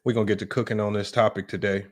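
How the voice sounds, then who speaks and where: A sports analytics streamer races through live basketball commentary in a low, flat voice. He argues and repeats his points emphatically, speaks directly to his chat, and keeps saying "right?" and "y'all".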